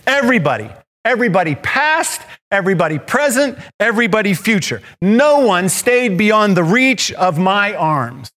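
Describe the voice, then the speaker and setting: A man's voice: sits high, very animated, moderate pace, fairly bright tone. A man voicing Jesus as an earnest son explaining himself to his father in a sermon story.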